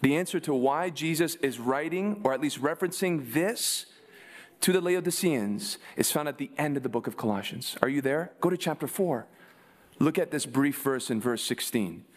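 A man's voice: on the high side, lively intonation, normal speed. A man preaching a sermon, asking his congregation rhetorical questions and answering them with emphasis. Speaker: pastor.

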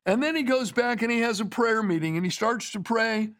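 A man's voice: extremely high pitch, a little fast, fairly bright tone. A man preaching a sermon in a conversational, storytelling way, with asides to his listeners.

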